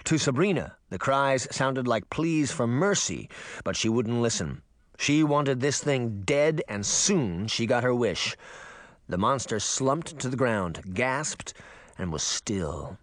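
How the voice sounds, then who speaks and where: A man narrating an audiobook with expressive, dramatic storytelling. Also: medium pitch, takes it slowly, no echo, studio quality. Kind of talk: audiobook reading.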